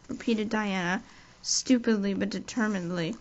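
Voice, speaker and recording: A woman reading a classic novel aloud as audiobook narration, in steady, measured storytelling. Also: on the high side. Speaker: audiobook reader. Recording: dull lo-fi audio.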